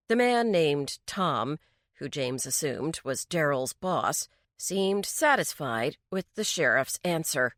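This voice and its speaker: A woman narrating a mystery story in a slow, even storytelling delivery. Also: low voice, no room sound, studio quality. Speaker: audiobook narrator. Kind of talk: scripted narration.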